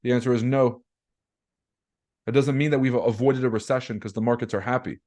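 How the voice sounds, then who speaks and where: A young man runs a casual livestream about markets, blunt and slangy, throwing rhetorical questions at his viewers. His voice sits at a middle pitch with a dark, mellow tone. He swears freely and keeps an easygoing, off-the-cuff delivery. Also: fairly even intonation, a little fast. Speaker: trading webinar host.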